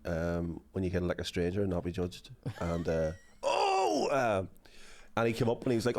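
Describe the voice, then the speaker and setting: Lively Northern Irish man telling stories. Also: low voice, moderate pace, creaky. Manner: animated anecdotes, acts out quotes. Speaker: musician guest. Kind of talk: casual chat.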